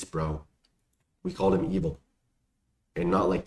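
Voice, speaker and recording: A man's voice: deep voice, lively intonation, moderate pace, gravelly, pauses often, darkish tone. A young man casually answering viewer questions, rambling and slangy with lots of fillers. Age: young adult. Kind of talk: casual Q&A chat. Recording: echoey room, faint background noise.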